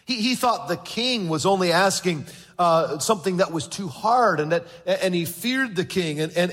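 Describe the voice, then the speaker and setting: Husky pastor preaching in a reverberant hall. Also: male voice, high-pitched, fairly bright tone. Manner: earnest preaching with stammered word repeats; acts out quoted voices in storytelling. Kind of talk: sermon. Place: large church sanctuary. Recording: long reverb of a large hall.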